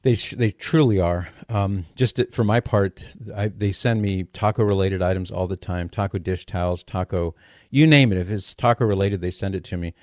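Low-voiced radio host, dry close sound. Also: male voice, darkish tone, dry recording. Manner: thoughtful, measured, good-humored. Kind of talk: call-in radio talk.

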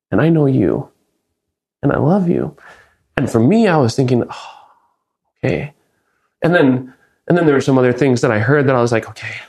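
A young man sharing a personal faith story in an earnest, reflective way, often restarting his sentences. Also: mid-range voice. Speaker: business speaker.

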